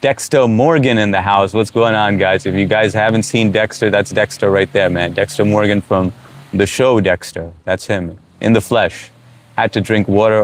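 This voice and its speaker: A middle-aged man from the United States hosting a live stream, chatting casually and reading out viewer comments with frequent fillers. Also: on the low side. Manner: relaxed, reads out chat comments, frequent uh fillers. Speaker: livestream host.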